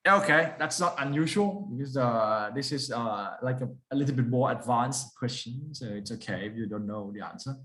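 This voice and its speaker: A man's voice: medium pitch, normal speed, few pauses, pushed and bright. A man lecturing a class, often stopping to put questions to the students and repeating key points for emphasis.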